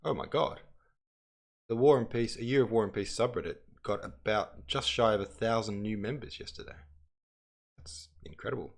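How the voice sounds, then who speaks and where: A man's voice: on the low side, moderate pace, gravelly. A man hosting a livestream, chatting in a rambling way and reading passages aloud. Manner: rambling, chatty, self-interrupting. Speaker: livestream host.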